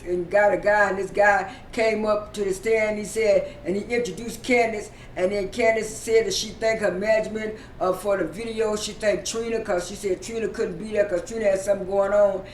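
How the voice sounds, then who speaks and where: A man with a high-pitched voice retells a TV episode in a loose, casual way, stumbling over fillers and repeating himself as he goes. He sits some distance from the mic in an echoey room, with a faint low rumble underneath. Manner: halting, many fillers and repeated words. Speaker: TV episode recapper. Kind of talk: casual spoken recap.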